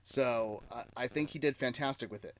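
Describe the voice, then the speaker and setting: A man's voice: mid-range voice, moderate pace. A man hosting a casual nerd-news podcast, chatty and reading chat comments aloud. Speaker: podcast host.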